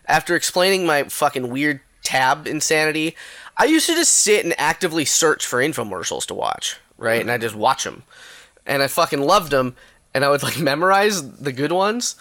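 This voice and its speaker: A podcast co-host telling stories casually, animated and full of swearing. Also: mid-range voice, moderate pace.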